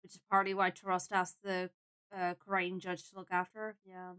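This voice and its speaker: A woman's voice: lowish voice, completely flat delivery, brisk, fairly bright tone, smooth. A young adult woman streaming a game, chatting in a casual, emotional, reflective way.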